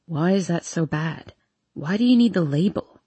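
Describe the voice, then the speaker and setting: A woman voicing a brooding drunk young man who pleads in a low, slurred murmur. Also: lively intonation, normal speed, dark tone, husky, dry recording. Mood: pressing.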